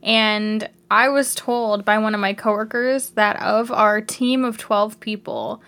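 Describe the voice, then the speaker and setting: A woman's voice: medium pitch, steady tone, slow pace, fairly bright tone. A Canadian woman co-hosting a podcast, chatting casually and laughing often. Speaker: podcast co-host. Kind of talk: casual chat.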